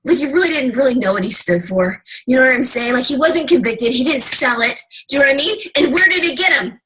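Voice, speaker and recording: A woman's voice: sits high, expressive, fast, hardly any pauses, bright, forceful tone, slightly rough, rough recording. A woman giving a fired-up motivational talk to her team, emphatic and casually swearing. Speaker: team leader.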